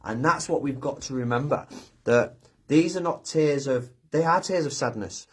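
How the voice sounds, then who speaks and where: A man hosting a live chat, talking gently and from the heart with many pauses and restarts. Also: medium pitch, husky. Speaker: live stream host. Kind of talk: casual live chat, reading viewer comments.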